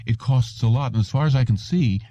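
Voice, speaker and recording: A man's voice: mid-range voice, a little fast, dark tone, no echo, voice pushed up, lightly acted. A man voicing a tense, skeptical male customer who talks hesitantly. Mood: doubtful. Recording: dull lo-fi audiobook recording.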